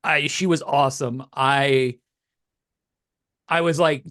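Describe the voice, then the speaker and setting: A man's voice: mid-range voice, slow, long pauses, a bit bright, dry recording, clean studio sound. A middle-aged man co-hosting a podcast, telling a rambling story in casual chat and getting emotional as he goes. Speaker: podcast co-host.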